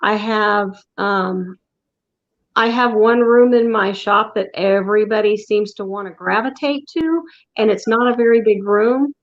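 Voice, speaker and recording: Woman, shop-owner guest, relaxed and patient, laughs easily, muffled lo-fi call sound. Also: mid-range voice, measured pace. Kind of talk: casual interview over a video call. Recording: dull lo-fi call audio.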